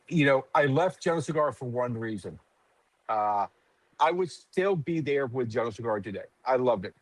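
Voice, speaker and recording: A man's voice: mid-range voice, no room sound, poor audio. A middle-aged man in casual podcast chat, telling stories animatedly, acting out quotes and swearing freely. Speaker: cigar company guest.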